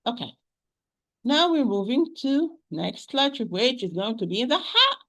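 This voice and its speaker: A woman with an Arabic accent teaching Quran pronunciation, repeating sounds slowly and patiently to demonstrate them. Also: a little high, very animated, fairly bright tone. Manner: addresses listeners as "my dear sister". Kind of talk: pronunciation lesson.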